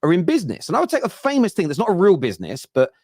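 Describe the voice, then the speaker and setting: Measured man with a dry, close sound. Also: high-pitched, wildly swooping pitch, a little mellow, dry recording. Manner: measured, building an argument with examples. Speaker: co-host. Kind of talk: fan debate discussion.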